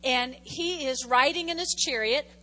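High, bright-voiced woman preaching. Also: unhurried. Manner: animated, calls on the congregation to respond. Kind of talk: sermon with scripture reading. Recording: long hall reverb.

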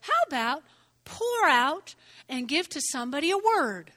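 An older woman preaching a sermon in an animated way, often checking in with "okay?" and "all right?". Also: high-pitched, unhurried. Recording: reverberant hall.

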